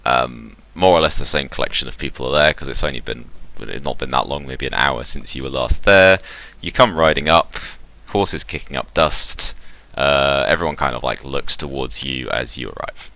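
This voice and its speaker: A man's voice: extremely low pitch, normal speed, gravelly, sharp tone, dry recording. A man narrating a tabletop game as game master, hesitant and full of ums.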